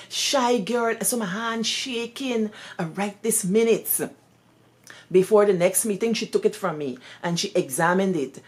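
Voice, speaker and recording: A woman with a Guyanese accent, a former teacher, telling personal stories in an expressive, lively way sprinkled with Creole phrases. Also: on the low side. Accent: Guyanese Creole-tinged English. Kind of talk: animated personal storytelling.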